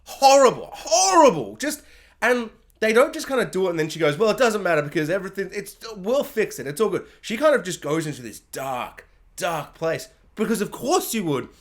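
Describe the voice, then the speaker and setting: A man casually reviewing a TV season, excitable and quick to slip into silly voices when he quotes characters. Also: very high-pitched.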